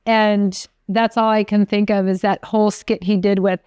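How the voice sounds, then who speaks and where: Woman chef, podcast co-host, chatty rambling storyteller, smooth crisp voice, dry close mic. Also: mid-range voice, moderate pace, no echo. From from an Italian American family. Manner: chatty, animated storyteller, trails off mid-sentence. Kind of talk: casual chat.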